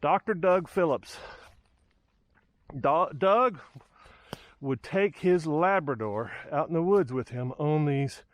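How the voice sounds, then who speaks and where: A man's voice: a little high, lively intonation, slow pace, long pauses, no echo. Man, outdoors in woods, casual trail commentary, rambling, handheld camera. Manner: rambling, thinking aloud with many fillers. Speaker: hiker vlogger.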